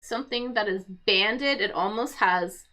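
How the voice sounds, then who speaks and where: A woman with a medium-pitched, bright, forceful voice hosts a relaxed crossword livestream for English learners. She speaks unhurriedly, thinking aloud and patiently explaining what words mean.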